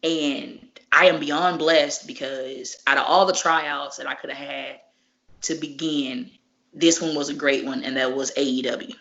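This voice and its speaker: A woman, a professional wrestler, telling stories in a casual interview, animated and profane, acting out each exchange. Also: a bass voice, a little slow. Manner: animated, profane, acts out dialogue. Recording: muffled lo-fi recording.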